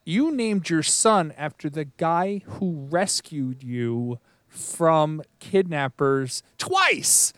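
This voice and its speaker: A man co-hosting a casual podcast, explaining his points at length with a fairly high, smooth, resonant voice. The recording is dry and close. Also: animated, drawn-out words, a bit bright, dry recording. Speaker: podcast co-host. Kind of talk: casual fan chat.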